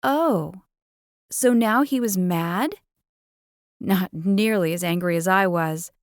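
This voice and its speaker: A woman narrating a first-person romance audiobook in an expressive, playful way, on a close studio mic. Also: medium pitch, takes it slowly, no echo.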